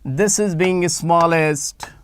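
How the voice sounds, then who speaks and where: A man teaching a live online chemistry class, animated and repeating phrases as he coaxes students to answer in the chat. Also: a little high, slow, a little hiss or hum.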